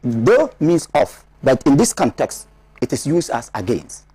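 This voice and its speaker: Man from ghana, studio panelist, emphatic lecturing, lively swooping pitch, dry close sound. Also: measured pace, husky, no room sound. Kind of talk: studio discussion analysis.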